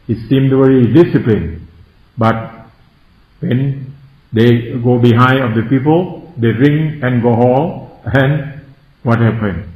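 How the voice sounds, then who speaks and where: Slow-speaking Thai monk giving a Dhamma talk. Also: male voice, mid-range voice, darkish tone. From Thailand. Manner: simple broken English, keeps asking the listeners "you see?". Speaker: Buddhist monk teaching meditators. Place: meditation centre hall. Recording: echoey, dull lo-fi room recording.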